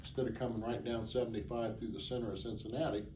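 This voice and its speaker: Earnest man with a mellow voice. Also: medium pitch, little pitch movement, fast, recorded from a distance. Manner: earnest, plainspoken, rambling. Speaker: charity motorcycle ride organizer. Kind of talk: interview answers. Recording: echoey, off-mic, faint background noise.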